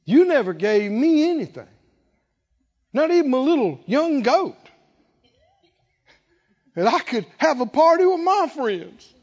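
Brief: sulky older brother figure, high and complaining, played by a preacher in a slow sermon. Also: male voice, very animated, muffled recording, exaggerated voice. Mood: aggrieved. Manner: whiny, complaining. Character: resentful, self-pitying older brother, young man.

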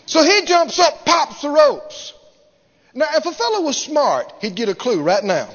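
A man preaching a sermon emphatically, repeating phrases and swinging from loud to hushed. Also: extremely high pitch, big pitch swings, a little slow, long pauses. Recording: dull sound, long hall reverb.

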